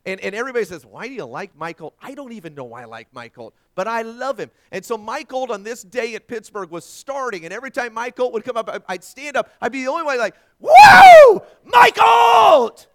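A middle-aged man preaching a sermon as pastor, swinging between hushed lines and loud, dynamic delivery. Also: very high voice, lively intonation, fast, hardly any pauses, slight background noise.

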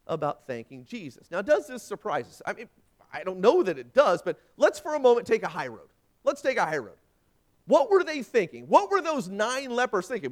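A man preaching a sermon with folksy asides, swinging dramatically from loud emphasis down to a hushed near-whisper. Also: sits high. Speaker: pastor.

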